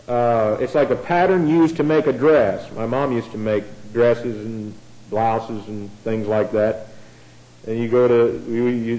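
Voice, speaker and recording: A man's voice: medium pitch, darkish tone, poor audio. A man giving a sermon-style Bible study, explaining in a conversational way, often restarting his sentences and spelling out words letter by letter. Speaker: Bible teacher.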